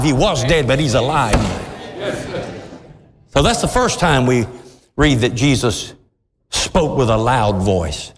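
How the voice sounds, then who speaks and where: Preacher guy, fired up, slow and drawn out, high voice, big echoey hall. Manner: impassioned, rising to shouts. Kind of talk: sermon.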